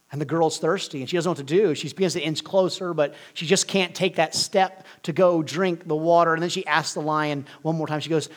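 A male preacher delivering an earnest sermon, swinging between loud emphasis and hushed, near-whispered lines. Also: fairly high pitch, fairly even intonation, fairly quick, few pauses.

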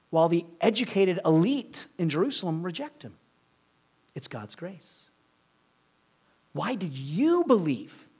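Male preacher, husky voice, earnest sermon, goes loud then drops to a near whisper. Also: on the high side. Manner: earnest, swinging between loud emphasis and hushed near-whispers.

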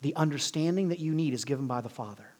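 Husky-voiced preacher giving an earnest sermon. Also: male voice, a little high, quick pace. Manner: earnest, swinging between loud emphasis and hushed near-whispers.

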